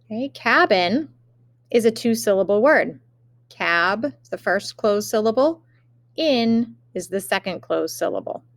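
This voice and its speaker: A woman teacher giving a remote spelling lesson, dictating words slowly and carefully with example sentences. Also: medium pitch, expressive, dry recording, clean studio sound.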